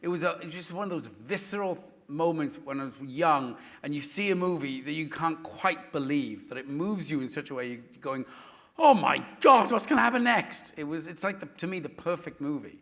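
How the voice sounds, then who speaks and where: On stage before a live audience, a middle-aged Welsh guest actor from Wales, a first-language Welsh speaker, tells animated anecdotes and acts out other people's voices amid lots of laughter. His voice sits on the high side, fairly bright, a little fast, with hardly any pauses.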